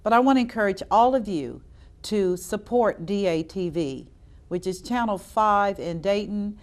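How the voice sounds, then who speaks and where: A woman's voice: medium pitch, a little slow. An older woman hosting a local talk show, earnest and encouraging, repeating points for emphasis. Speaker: host. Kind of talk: public-access talk show.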